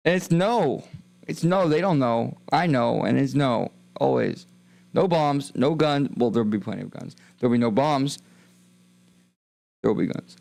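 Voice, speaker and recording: A young man streaming alone from a small room, rambling erratically and jumping from mumbles to sudden yells. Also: medium pitch, a little slow, vocal fry, pauses often, no echo. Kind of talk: rambling solo livestream chat.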